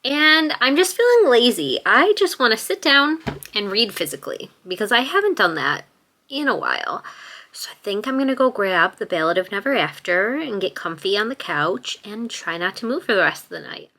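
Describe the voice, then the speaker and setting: A young woman in her twenties films a casual reading vlog at home, gushing about books and turning to talk to her pet mid-sentence. Her mid-range voice swings widely in pitch, with a sharp tone and a moderate pace.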